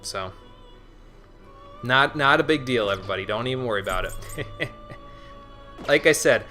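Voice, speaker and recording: Chatty bright-voiced male streamer. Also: medium pitch, lively intonation, normal speed, faint music behind. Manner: chatty, responds to chat, repeats words. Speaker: livestream host. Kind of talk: casual gaming livestream chat.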